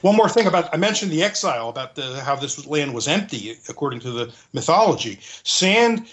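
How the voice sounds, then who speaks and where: Male interview guest with a slightly raised pitch, earnest and searching for words, restating his points as he explains. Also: expressive, brisk, a bit bright. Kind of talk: conversational explanation.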